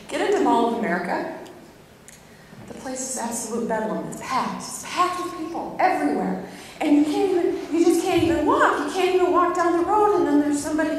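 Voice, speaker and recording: A middle-aged woman giving a humorous sermon as a guest speaker, telling a personal story with animated storytelling and bursts of mock anger. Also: high-pitched, a little hiss or hum. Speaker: guest speaker at a church service. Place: large church hall. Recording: echoey hall recorded from far off.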